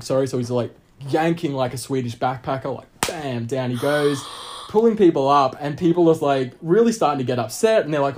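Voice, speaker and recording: A man's voice: medium pitch, fairly quick. Rambling man telling a story. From Australia. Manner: animated, rambling with many fillers and restarts. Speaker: guest storyteller. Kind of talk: casual storytelling chat.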